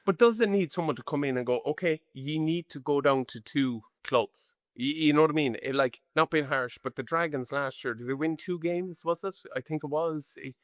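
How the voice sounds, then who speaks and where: A man's voice: a little high, moderate pace, hardly any pauses, no echo. Irish male co-host, forties, chatty and rambling, dry close podcast sound. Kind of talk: casual chat.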